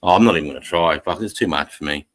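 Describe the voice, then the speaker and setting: A man's voice: low-pitched, racing, poor audio. A man casually hosting a livestream, telling stories bluntly with plenty of swearing. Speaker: livestream host.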